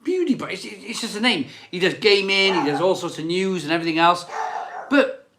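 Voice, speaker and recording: A beer channel host runs a casual live stream, chatting, reading viewer comments aloud, rambling, repeating phrases and laughing often. His voice is high and lively, fairly quick, with a crowd audible behind him.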